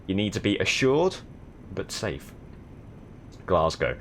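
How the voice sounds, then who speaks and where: Streaming a driving game, a young southern English man talks slowly in a low, sing-song voice. He keeps the chat casual and the commentary dry and sardonic, with slight background noise behind him.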